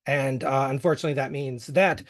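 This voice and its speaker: A man's voice: medium pitch, fairly even intonation, brisk. A middle-aged American man with a faint Western Pennsylvania accent, a history podcast host giving a casual, joking conference talk full of fillers. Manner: joking, self-deprecating, many fillers.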